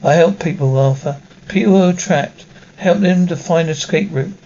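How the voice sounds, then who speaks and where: A man reading a calm female detective. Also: a little high, moderate pace, slight background noise, lightly acted. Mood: calm coaxing. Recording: muffled lo-fi recording.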